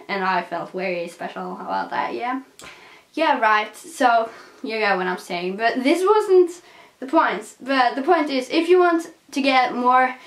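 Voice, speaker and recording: A woman's voice: a little high, fairly bright tone. A young woman with a non-native accent, chatting in a casual vlog, hyper, giggly and rambling. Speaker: vlogger. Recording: echoey room.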